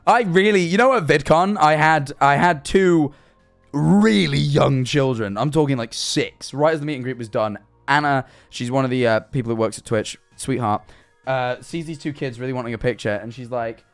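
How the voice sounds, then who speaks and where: A young man with an English accent, chatting on a livestream, swearing and bursting into incredulous shouts as he reacts to viewer messages. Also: mid-range voice, normal speed, vocal fry, soft background music. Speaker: streamer.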